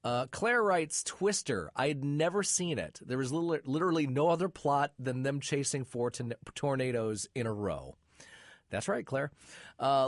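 A man's voice: mid-range voice, dry recording, clean studio sound. A man hosting a podcast, reading out listener messages with wry asides, and sounding middle-aged. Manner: wry, lively asides between quick read-outs. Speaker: podcast host.

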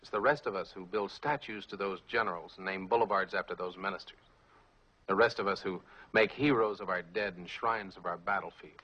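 An actor playing a cynical wartime officer who argues in a cutting, measured way, heard from an old film soundtrack. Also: male voice, sits low, sharp tone, slightly rough, muffled recording, exaggerated voice. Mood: bitter, earnest. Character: bitter, cynical wartime American officer, man. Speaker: film character. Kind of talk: 1960s film drama.

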